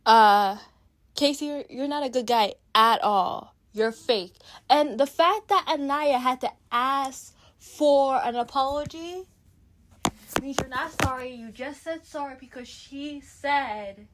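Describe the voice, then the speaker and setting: A young Canadian woman talks straight into the camera in a casual, opinionated way. Her voice sits a little high for a woman, and she calls her viewers "guys" as she works through her points. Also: slow, noisy background. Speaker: reality TV recap vlogger. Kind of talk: casual chat.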